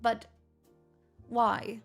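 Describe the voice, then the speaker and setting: A woman live streamer chatting casually with her viewers in a put-on transatlantic accent, with theatrical, drawn-out delivery and plenty of swearing. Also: fairly high pitch, little pitch movement, creaky, faint music behind.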